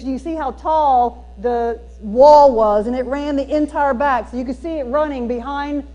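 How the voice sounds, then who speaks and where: High-voiced Southern woman telling stories. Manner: animated, folksy storytelling with emphatic punchlines. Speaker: speaker at a teacher training day. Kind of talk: storytelling keynote talk. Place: church hall used for a school district training.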